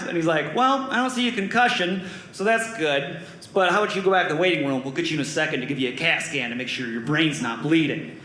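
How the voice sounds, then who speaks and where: A young man telling a stand-up story on a comedy club stage, animated and acting out voices and sound effects. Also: a little high. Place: comedy club stage before a live audience. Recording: roomy club with loud audience laughter.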